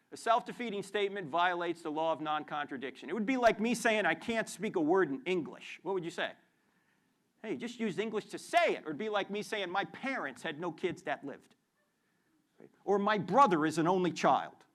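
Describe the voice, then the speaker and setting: A man giving a lively apologetics lecture to a student audience in a university hall, joking and quizzing the crowd with questions. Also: high-pitched. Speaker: Christian apologist speaker.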